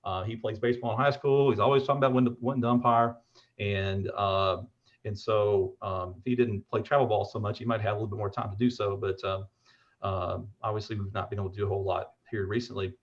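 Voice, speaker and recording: A man's voice: on the low side, steady tone, fairly quick, dull audio. A man in his forties talking on a call as a fatherly mentor about umpire gear, rambling with lots of fillers. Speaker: umpire equipment seller and mentor. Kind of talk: casual call-in chat.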